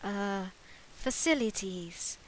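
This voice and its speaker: A woman's voice: mid-range voice, expressive, slow pace, a little hiss or hum, low-quality recording. A woman voicing a polite, deferential male hotel bellboy in a game, trying a British accent with stiff, formal speech.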